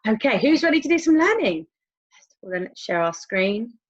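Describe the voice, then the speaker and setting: Woman, children's music teacher, bouncy animated pitch, muffled lo-fi sound. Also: fairly quick. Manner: animated, playful, sing-song with whoops and whispers. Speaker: primary school music teacher. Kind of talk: online lesson for young children. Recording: dull lo-fi home video sound.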